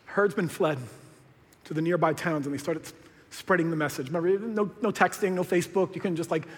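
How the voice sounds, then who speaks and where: A man preaching a sermon as pastor, swinging between hushed lines and loud, excited bursts. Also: fairly high pitch, fairly quick. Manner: animated, swinging from hushed to shouted. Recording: long hall reverb.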